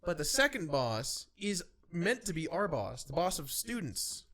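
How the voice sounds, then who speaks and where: A man in his twenties co-hosting a casual podcast chat, telling profane stories, laughing often and acting out shouting voices. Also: fairly high pitch, a little slow. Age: 20s. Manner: animated storytelling, acts out loud shouting voices. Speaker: podcast co-host.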